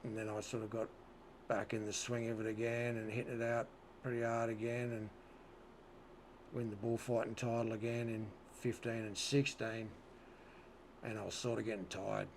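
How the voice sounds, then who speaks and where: Aussie guy telling yarns, relaxed, cusses a lot, faint hiss behind. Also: lowish voice, moderate pace. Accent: Australian. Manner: laid-back yarn-spinning, swears freely, says "you know what I mean". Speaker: interview guest, retired rodeo bullfighter. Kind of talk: casual storytelling.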